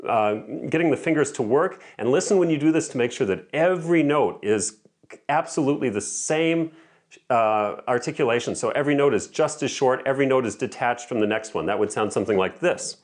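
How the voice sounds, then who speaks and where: A man teaching piano, explaining practice methods in a clear, methodical way and calling out rhythm examples. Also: mid-range voice, lively intonation, fairly quick. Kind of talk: instructional lesson. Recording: faint piano music in background. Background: piano playing between explanations.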